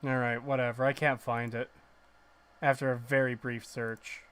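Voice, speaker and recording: A man's voice: mid-range voice, flat delivery, normal speed, a bit bright, clean tone. A male game streamer giving casual, ranting commentary, blunt and sarcastic, who swears freely.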